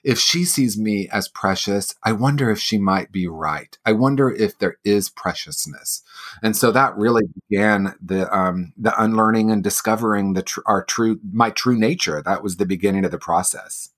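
Guest voice: earnest man in his sixties, slightly low pitch, reflective. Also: normal speed, a bit bright. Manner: earnest, personal, with light laughs. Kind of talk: reflective interview answers.

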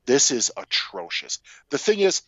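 A man's voice: medium pitch, very animated, unhurried, a bit bright, no room sound, lo-fi sound. A man in his forties, a podcast co-host, ranting profanely and with exasperation about a film in casual chat.

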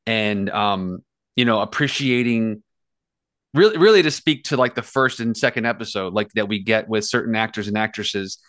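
A man co-hosting a TV podcast, wandering through his thoughts in a relaxed chat and leaning on fillers as he goes. His voice sits low but comes through bright and crisp. The sound is close and dry. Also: moderate pace, dry recording. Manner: rambling, hedging with fillers. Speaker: podcast co-host. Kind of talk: casual chat.

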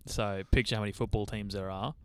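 A man's voice: lowish voice, fairly even intonation, fast, a bit bright, smooth, no echo. A man co-hosting a podcast in casual chat, making wisecracks and chuckling asides. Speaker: podcast co-host.

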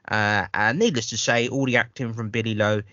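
Bright, forceful man ranting casually. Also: medium pitch, fairly even intonation, fairly quick. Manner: rambling, profane, stammers on restarts. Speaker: podcast host. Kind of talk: casual film review chat. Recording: dull lo-fi sound.

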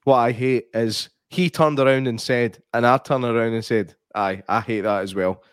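A man's voice: mid-range voice, steady tone, normal speed, clean tone, no room sound, studio quality. A Scottish man co-hosting a podcast, chatting casually and telling stories with lots of laughter. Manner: laughing storyteller, mimics voices in anecdotes. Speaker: podcast co-host. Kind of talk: casual chat.

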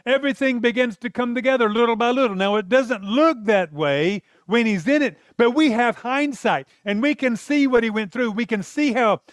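A man preaching a sermon in an earnest, conversational way, with quick asides and short laughs. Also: extremely high pitch, animated, dry recording, studio quality.

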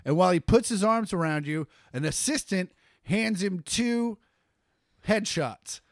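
A man's voice: high-pitched, lively intonation, a little slow, no echo, clean studio sound. A man co-hosting a casual podcast, telling rambling, mocking stories with a good deal of swearing. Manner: laid-back storytelling, swearing, mocking. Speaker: podcast co-host. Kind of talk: casual chat.

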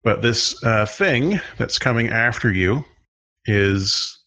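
A man narrating as game master of a tabletop role-playing game, describing scenes at an unhurried pace with frequent fillers. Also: medium pitch, bright, forceful tone.

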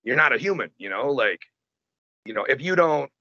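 A man in casual conversation, telling stories in an animated, profane way. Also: mid-range voice, normal speed, no room sound. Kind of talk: casual chat. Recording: dull lo-fi sound.

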